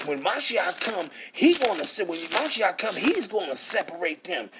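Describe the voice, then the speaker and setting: A man's voice: high-pitched, animated, a little fast, few pauses, background noise. A man, teaching scripture in a fiery, profane style full of rhetorical questions. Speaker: preacher.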